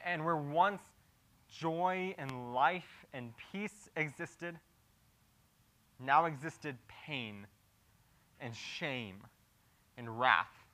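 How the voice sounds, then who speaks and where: A man preaching a sermon verse by verse, dropping to a hushed, grave tone and then rising to loud, animated emphasis, with frequent restarts and repeated words as he improvises. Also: a little high, drawn-out words, pauses often, rough recording. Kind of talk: expository sermon.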